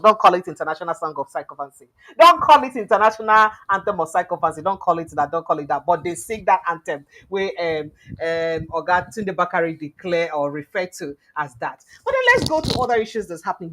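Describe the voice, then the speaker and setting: A woman from Nigeria with a Nigerian Pidgin English accent, giving animated news commentary on her vlog with exclamations and wry asides. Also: on the high side, poor audio. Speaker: news vlogger.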